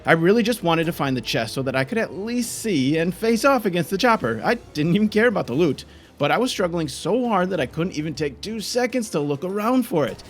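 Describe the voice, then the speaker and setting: A man's voice: high voice, big pitch swings, brisk. A young man giving frantic, frustrated commentary while playing a game. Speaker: gaming YouTuber. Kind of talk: gameplay commentary.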